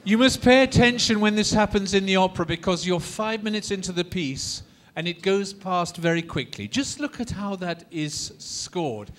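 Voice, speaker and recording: A man lecturing a class on opera in a lively, theatrical way, coaxing the students to repeat lines and demonstrating phrases. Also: high voice, moderate pace, hardly any pauses.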